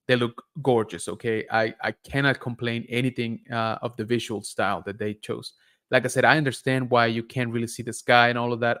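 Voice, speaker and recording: A man's voice: mid-range voice, fairly bright tone, smooth. A young man hosting a casual live-stream show breakdown, talking in a rambling, enthusiastic way with many fillers. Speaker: host.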